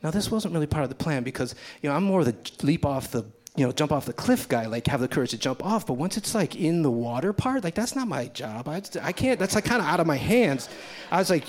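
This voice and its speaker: A man's voice: on the high side, sing-song, quick pace. A man telling a personal story live in a casual, profane way, acting out the voices of the people in it. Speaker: storyteller at a live reading series.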